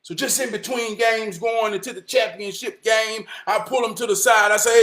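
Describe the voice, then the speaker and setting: A man telling a coaching story and preaching about God, dropping to a hush for some lines, shouting and singing others, in casual Southern slang. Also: high-pitched, fairly quick. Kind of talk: spirited inspirational talk, preaching and singing.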